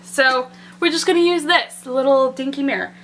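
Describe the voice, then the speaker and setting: A young woman in her twenties talks through a casual makeup tag vlog at home. She is chatty and a little nervous, rambling from one thought to the next. Her voice sits high and sounds bright and sharp. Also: normal speed, a little hiss or hum. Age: 20s. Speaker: book and makeup vlogger. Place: indoors at home, away from her usual bathroom mirror.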